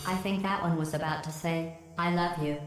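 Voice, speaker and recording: A woman voicing a calm character from a video game, speaking in a low, matter-of-fact way. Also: normal speed, background noise, close to an everyday voice. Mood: dry. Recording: very echoey game audio, long reverb.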